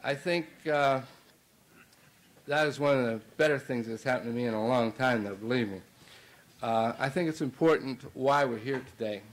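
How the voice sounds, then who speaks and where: A medium-pitched middle-aged man, a basketball coach, moves at a moderate pace through a long anecdote at a banquet, repeatedly restarting and using fillers. The recording is rough.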